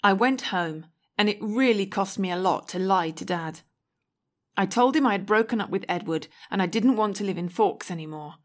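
A woman narrates a first-person story in a clear, measured reading voice. Her pitch sits in the middle range, and she paces the storytelling evenly. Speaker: audiobook reader.

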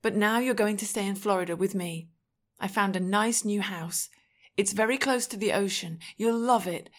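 A woman's voice: mid-range voice, normal speed, lightly acted. A woman voicing an anxious middle-aged mother who coaxes and frets, in a scripted audiobook reading. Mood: fretting.

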